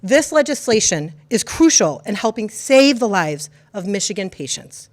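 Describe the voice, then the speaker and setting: A woman's voice: medium pitch, sing-song, moderate pace. A woman state legislator giving earnest, prepared remarks at a press conference. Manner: earnest, reads from prepared text.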